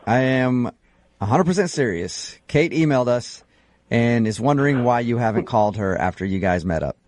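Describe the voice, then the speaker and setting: A man's voice: mid-range voice, animated, normal speed, a little mellow, dry recording, clean studio sound. A man hosting a morning radio show, chatting and laughing often as he recaps a dating story.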